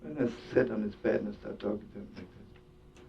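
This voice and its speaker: A man's voice: brisk, creaky. Man telling a story in a far, muffled recording. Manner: animated storytelling with Yiddish words and laughter. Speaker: rabbi and storyteller. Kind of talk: storytelling sermon. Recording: distant dull lo-fi recording with faint rumble.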